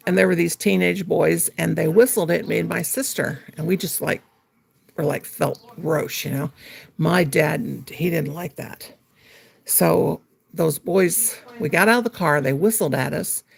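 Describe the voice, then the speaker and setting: Gravelly, husky woman rambling through a story. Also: sits low. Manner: rambling storyteller, reads out viewer comments. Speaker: livestream host. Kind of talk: casual livestream chat while crocheting.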